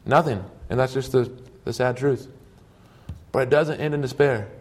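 A man's voice: medium pitch, moderate pace. A man preaching a sermon, telling stories earnestly in short emphatic phrases.

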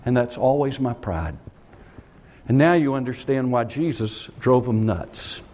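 A man preaching a sermon with passion, firing rhetorical questions and swinging between shouts and hushed lines. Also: mid-range voice, animated, a little slow. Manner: impassioned, rhetorical questions, sudden shouts and drops.

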